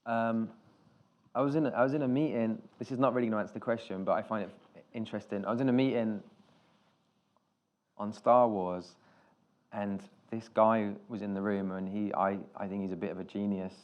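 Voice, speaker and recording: British male director, low-pitched, loose anecdotal talker who swears casually. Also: steady tone, fairly quick, a little mellow, lo-fi sound. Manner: rambling anecdotal storytelling with restarts and casual swearing. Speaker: film director, interview guest. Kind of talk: live on-stage conversation.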